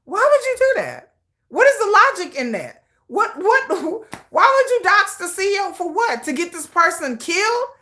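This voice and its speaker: Lively high-voiced woman streamer. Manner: animated, laughing, swearing, answering chat. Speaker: livestream host. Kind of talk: casual livestream chat.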